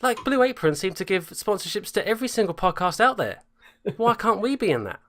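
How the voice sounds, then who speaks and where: A man's voice: sits high, very animated, fairly quick, a bit bright, a little hiss or hum. A man hosting a casual group podcast over a voice call, chatty and self-mocking. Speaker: podcast host.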